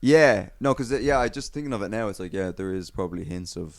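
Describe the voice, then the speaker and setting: A man's voice: lowish voice, expressive, fast talker, gravelly, dry recording, studio quality. A man hosting a casual comedy podcast, rambling with lots of fillers and swearing. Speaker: podcast host. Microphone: handheld mic held close.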